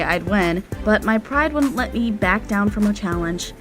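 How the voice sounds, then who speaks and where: A woman's voice: medium pitch, lively intonation, measured pace. A woman narrating a dramatic first-person storytime. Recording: music playing behind.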